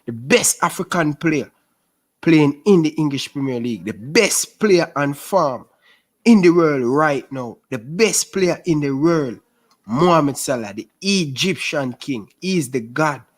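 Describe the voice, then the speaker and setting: Excitable male football fan host. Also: fairly high pitch, measured pace. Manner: excitable, repetitive, calls people bro. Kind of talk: casual post-match fan stream.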